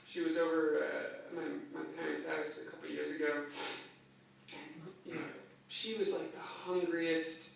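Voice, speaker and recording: A man's voice: on the high side, flat delivery, a little slow, gravelly. A young man giving a eulogy for his grandmother in a funeral chapel, telling stories casually with fillers. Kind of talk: anecdotal eulogy. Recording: echoey chapel, distant mic, faint noise.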